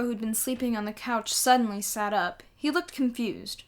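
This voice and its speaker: A woman reading a children's novel aloud in a lively storytelling way. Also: on the high side, a little fast, few pauses. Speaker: audiobook reader.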